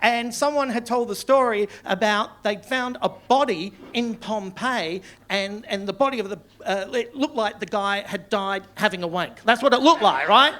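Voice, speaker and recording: A man's voice: sits high, normal speed, hardly any pauses, bright, forceful tone. A middle-aged man doing a rambling stand-up routine in a small comedy club, laughing at his own jokes. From Australia. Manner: rambling, self-interrupting, laughs mid-line.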